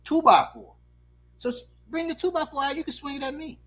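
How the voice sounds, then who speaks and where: A man voicing a calm, firm mother who confronts a neighbor, quiet and steady, while telling a story. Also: sits high, fairly quick, pitched above the performer's own voice.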